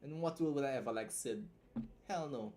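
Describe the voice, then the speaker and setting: A young man with a Trinidadian accent chats on his own livestream, blunt and joking, with casual swearing and quick asides. His voice sits at an ordinary middle pitch, with a faint hum of room sound behind him. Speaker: livestream host and writer. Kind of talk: casual livestream chat, reacting and reading a story aloud.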